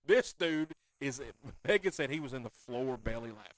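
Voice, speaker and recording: A man's voice: mid-range voice, expressive, normal speed, no echo. A man, hosting a casual podcast and telling stories in a laid-back way, laughing often. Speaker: podcast host. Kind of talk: casual chat.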